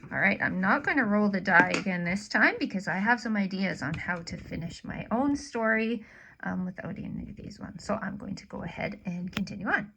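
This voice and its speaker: A woman teacher giving a gentle lesson to children, dropping into soft whispers while she draws. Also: mid-range voice, expressive, a little fast, vocal fry, a little hiss or hum, rough recording.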